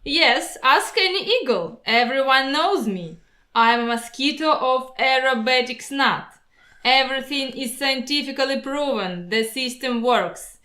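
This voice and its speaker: A woman voicing a boastful, proud male mosquito who pitches himself like a salesman, grandiose and persuasive. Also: lively intonation, unhurried, pushed and bright, exaggerated voice. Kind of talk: storybook voice acting. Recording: roomy echo.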